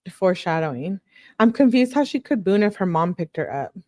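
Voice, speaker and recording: A woman's voice: on the low side, sing-song, brisk, mellow, no echo. A woman hosting a true crime video, chatting casually and tossing out asides as she reacts to viewers' comments. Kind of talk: casual commentary, reading text messages aloud.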